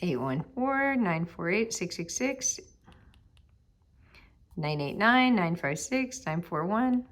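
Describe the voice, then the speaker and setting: A woman's voice: lowish voice, big pitch swings, takes it slowly, pauses often. A woman teaching a recorded statistics lesson, reading numbers aloud and talking herself through each step, chatty and upbeat with her students. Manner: talks to herself while working, reads numbers aloud, murmurs some under her breath.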